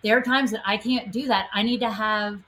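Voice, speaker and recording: A woman co-hosting a podcast, speaking in a heartfelt, grateful and somewhat halting way. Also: mid-range voice, fairly even intonation, a bit bright, rough recording. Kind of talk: podcast conversation.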